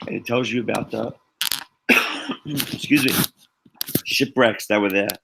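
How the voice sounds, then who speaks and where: A man's voice: mid-range voice, unhurried, creaky, noisy background. A man on a live video call, plainly explaining what his detecting video shows. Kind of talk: casual live-stream chat. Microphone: video call microphone.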